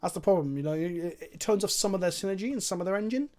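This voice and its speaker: A young man streaming a card game, talking through his plays and chatting with viewers in an animated, foul-mouthed, self-mocking way. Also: sits high, quick pace.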